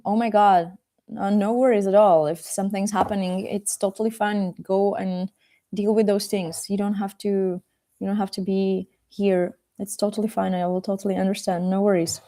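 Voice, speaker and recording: A woman language teacher reading a children's story aloud in a live lesson, chatting casually and filling pauses with "like" and "uh.". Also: medium pitch, fairly even intonation, dark tone. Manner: casual and chatty, with frequent fillers. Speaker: Czech teacher.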